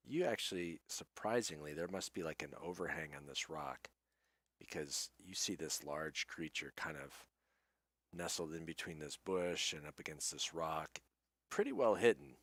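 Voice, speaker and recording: Very deep-voiced man running a tabletop game. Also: fairly bright tone, dry recording, studio quality. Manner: unhurried, hesitant with many fillers. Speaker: game master. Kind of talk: narrating a tabletop game session.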